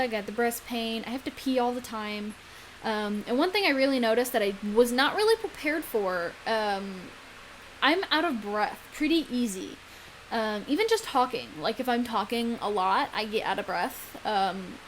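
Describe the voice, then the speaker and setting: Chatty young woman, slightly high. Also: a little hiss or hum, rough recording. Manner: chatty, lots of ums and likes. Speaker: vlogger. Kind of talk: casual pregnancy vlog chat.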